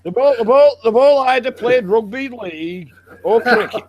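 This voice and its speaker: A man's voice: very high voice, expressive, moderate pace, dull audio. A man from Yorkshire with a Yorkshire accent, chatting casually and joking with swearing and playful northern storytelling. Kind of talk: casual chat with banter.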